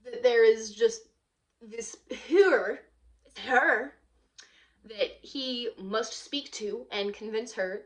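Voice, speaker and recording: A woman vlogger chats her way through retelling a play, rambling with lots of fillers. Her voice sits a little high, and she speaks from a hotel room. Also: a bit bright.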